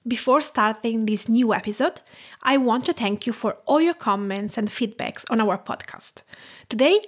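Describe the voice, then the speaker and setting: A woman from Tuscany with an Italian accent, hosting a cooking podcast in an enthusiastic, descriptive way. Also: on the high side. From Tuscany, Italy. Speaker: podcast host and home cook. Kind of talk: scripted podcast narration.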